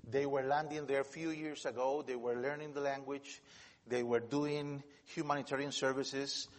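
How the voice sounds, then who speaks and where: A man from America speaks English at a middle pitch. He gives a slide presentation as a missionary speaker and stumbles over repeated words while he tells his stories. His voice rings out with a long reverb in a large hall. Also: fairly bright tone. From Latin America.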